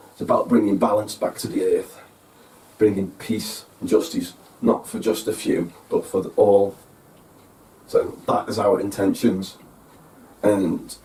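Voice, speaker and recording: A man's voice: on the low side, darkish tone, natural voice. A man playing a solemn cult leader. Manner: slow, earnest, preachy delivery with pauses. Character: self-styled male leader of a secret alliance, solemn. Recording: distant mic with background noise.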